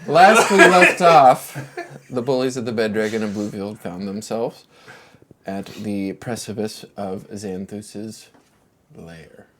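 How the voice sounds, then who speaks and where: Low-voiced rambling male game master. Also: steady tone, unhurried, noisy background. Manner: rambling, offhand, filler-heavy. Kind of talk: casual chat and game recap narration. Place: live-streamed tabletop session.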